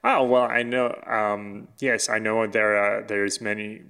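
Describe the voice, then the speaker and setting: A man's voice: lowish voice, level tone, measured pace, vocal fry, a bit bright, clear, resonant tone. A man putting on a hesitant politician's voice with a mock German accent. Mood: mock-serious.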